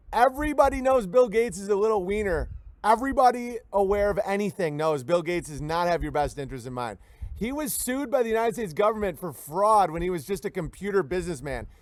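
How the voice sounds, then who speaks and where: A man hosting a livestream, reading viewer messages and riffing on them in an animated, rambling, mocking way. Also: sits high, a little fast, no room sound. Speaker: livestream host.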